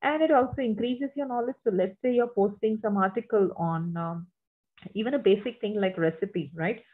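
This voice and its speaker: A woman's voice: medium pitch, moderate pace. A woman teacher with an Indian English accent, explaining a lesson to students and often checking in with "right?" and "okay?". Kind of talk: online lecture to students. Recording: husky voice over a tinny phone-like line.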